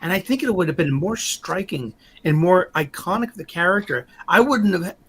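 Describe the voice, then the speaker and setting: A man's voice: high-pitched, lively intonation, normal speed, a bit bright, a little hiss or hum. A man hosting a podcast in casual chat, rambling and often stumbling over his words. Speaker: podcast host.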